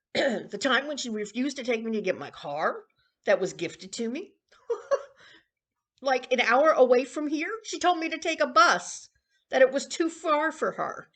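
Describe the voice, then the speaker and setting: Woman in her sixties, lively, confiding. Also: sits high, a little slow, pauses often. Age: 60s. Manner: rambling, confiding, aggrieved. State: coughing, throat-clearing. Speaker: vlogger. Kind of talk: casual personal vlog.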